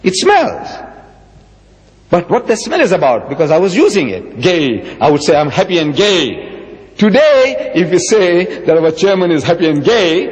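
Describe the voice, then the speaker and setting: A man's voice: wildly swooping pitch, moderate pace, darkish tone. A man in his seventies giving an emphatic, rhetorical religious lecture. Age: 70s. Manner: emphatic, rhetorical, with dramatic swings in pitch. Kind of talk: public lecture. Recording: dull lo-fi recording with long hall reverb.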